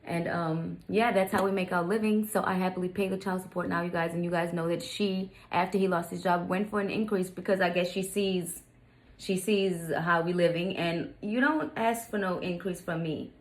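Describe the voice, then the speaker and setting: A woman's voice: on the low side, little pitch movement, moderate pace. A young adult woman telling a personal story to her viewers, candid and venting, often calling them "you guys". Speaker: vlogger.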